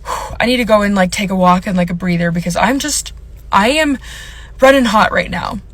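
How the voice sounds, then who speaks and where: A woman's voice: mid-range voice, brisk. Young woman rambling through a storytime. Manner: rambling, filler-heavy, emotional retelling. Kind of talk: casual storytime vlog.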